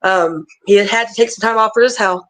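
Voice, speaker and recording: Animated, profane woman wrestler telling stories. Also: medium pitch, quick pace, poor audio. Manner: animated, profane, laughs often. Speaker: guest wrestler. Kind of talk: casual storytelling. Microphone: video call.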